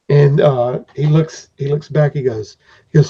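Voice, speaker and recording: A man's voice: medium pitch, moderate pace, mellow, husky. A man improvising narration as game master for a tabletop game, rambling, with fillers and restarts. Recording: dull lo-fi recording.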